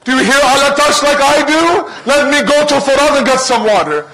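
An urgent, devoted young warrior begs for leave to fight, as a male preacher acts him out. The voice is high and bright and pushes forward with pleading force. It sounds like a sermon's dramatic retelling. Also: fairly quick, rough recording.

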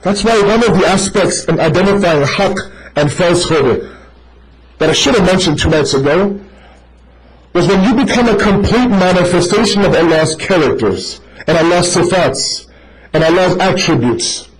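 A man with a high, bright-toned voice delivers a sermon to a live gathering. He talks straight to the crowd, calling them brother, and makes his points through short stories. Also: normal speed, rough recording. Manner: animated, addressing listeners directly as brother; tells stories to make a point. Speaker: preacher.

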